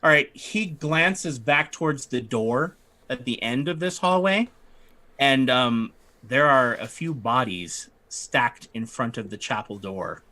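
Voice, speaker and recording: A man's voice: medium pitch, bright, forceful tone. A man running a tabletop game as game master, narrating and laughing often. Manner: laughs often, quick asides.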